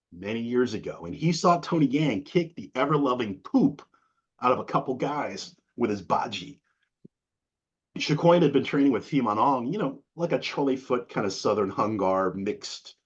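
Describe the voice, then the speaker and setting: A middle-aged man from Massachusetts, an interview guest telling stories in a casual, animated way, acting out the people he quotes with big jumps in his voice. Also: fairly low pitch, slightly rough. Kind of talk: casual storytelling. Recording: dull lo-fi sound.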